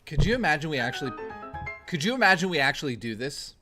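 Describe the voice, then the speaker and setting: A man livestreaming in casual chat, rowdy and profane, thanking chat and joking excitedly. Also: a little high, fast, music in the background. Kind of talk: casual live-stream chat.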